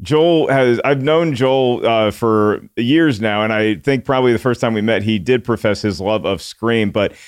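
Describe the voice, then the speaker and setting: Man, podcast host, smooth resonant voice, dry close sound, playful patter. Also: fairly low pitch, moderate pace, few pauses, no echo. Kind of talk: casual podcast chat.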